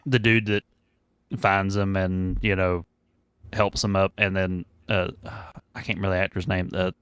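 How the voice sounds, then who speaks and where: A man co-hosting a casual podcast chat, telling stories in a relaxed way with small fillers. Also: low-pitched, clean tone, dry recording. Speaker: podcast co-host.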